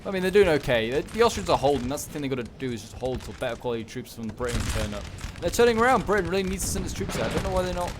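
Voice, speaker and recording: A man giving casual, rambling commentary on a strategy game battle, excitable and talking back to the units on screen. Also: a little high, rapid-fire, background noise. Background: gunfire and battle sounds.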